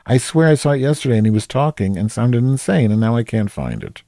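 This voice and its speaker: A man's voice: medium pitch, big pitch swings, fairly quick, gravelly, warm tone, dry recording, clean studio sound. A man hosting a podcast, rambling casually with lots of swearing and self-deprecating asides. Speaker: podcast host.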